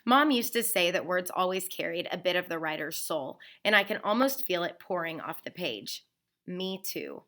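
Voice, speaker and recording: A woman reading a novel aloud in the first person, expressive and slowing down on the emotional phrases. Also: fairly low pitch.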